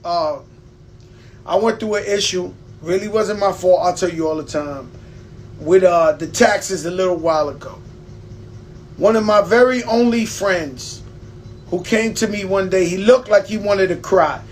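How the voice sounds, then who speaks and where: A man's voice: sits high, measured pace, a little hiss or hum. A man hosting a live stream, telling loose stories with swearing, laughs and a New York accent. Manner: loose storytelling with profanity and laughs. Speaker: host. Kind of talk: casual live-stream talk.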